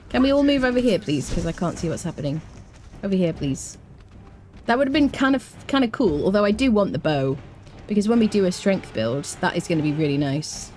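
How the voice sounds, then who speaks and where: A woman giving chatty, animated live commentary while she plays a video game. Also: fairly low pitch, a little slow, long pauses, faint music behind. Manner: chatty, animated, talks to chat and her cat. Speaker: game streamer. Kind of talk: live let's play commentary.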